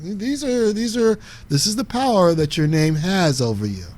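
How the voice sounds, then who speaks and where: Guy hosting a psychic talk show, kinda high voice, tells stories and acts them out. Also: normal speed. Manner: animated storyteller, shouts names and acts out voices. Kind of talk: explaining a lesson with acted-out examples.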